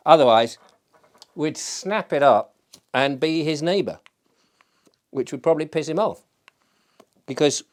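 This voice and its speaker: An Englishman chats alone in a loose, wandering way, drifting from one thought to the next. He pokes fun at himself and keeps the talk light, smoking a pipe at home as he goes. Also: medium pitch. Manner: rambling, self-mocking, digressive. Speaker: show host. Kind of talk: casual solo chat.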